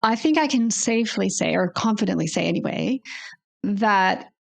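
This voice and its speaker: A woman's voice: medium pitch, lively intonation, normal speed, gravelly. A woman guest, a naturopathic doctor, explaining at length in a conversational interview, often restarting and thinking aloud.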